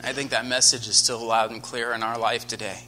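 Bright-voiced American man preaching. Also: mid-range voice, a little fast, faint music behind. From United States. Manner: earnest storytelling, grows animated and loud. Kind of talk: sermon.

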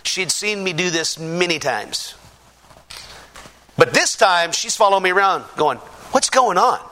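A man, a pastor, giving a lively testimony sermon to a congregation in a church, acting out the voices of the people in his story. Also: high-pitched, measured pace, slight background noise. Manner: animated storyteller, acts out quoted voices.

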